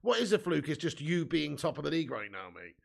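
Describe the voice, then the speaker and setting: A man's voice: a little high, sing-song, fast, creaky. A young man hosting a live football watch-along, reading out viewer comments and ranting bluntly about his team's heavy loss. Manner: blunt, sweary, frustrated fan banter.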